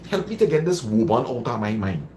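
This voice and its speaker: A man's voice: medium pitch, very animated, fairly quick, darkish tone, a little hiss or hum. A man hosting a live stream, giving casual motivational advice, repeating phrases for emphasis and answering viewer comments. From Trinidad and Tobago.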